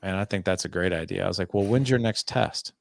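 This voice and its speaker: A man's voice: sits low, fast, gravelly, no room sound. A man in his forties, a parenting coach guest on a podcast, telling stories and acting out talks with his son. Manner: animated, acts out dialogue with his son. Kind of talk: conversational interview storytelling.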